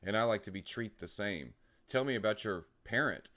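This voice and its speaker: A man's voice: fairly low pitch, animated, normal speed, fairly bright tone. A man doing a cooing woman scammer. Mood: syrupy. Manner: cooing, calls him honey. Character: sugary woman romance scammer posing as a soldier.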